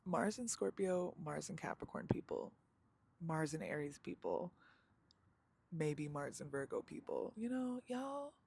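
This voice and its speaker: A woman's voice: low-pitched, lively intonation, a little slow, vocal fry, a little mellow, breathy edge. A young woman vlogging live outdoors in a chatty, slangy, self-mocking way, laughing often. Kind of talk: casual live vlog chat.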